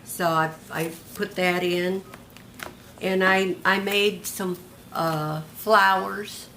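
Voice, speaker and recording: Slow-talking older woman crafter. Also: fairly low pitch, steady tone, bright, forceful tone, a little hiss or hum. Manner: homey, chatty, describing things one by one. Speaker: craft vlogger. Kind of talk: casual show-and-tell of a handmade journal.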